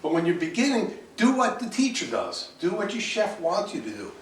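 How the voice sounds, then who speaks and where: A man with a high voice and wildly swooping pitch speaks a little fast while lecturing a cooking class to students. He repeats himself, restarts sentences often and throws in the odd bold exclamation. It's recorded with a distant mic in an echoey classroom with faint hiss.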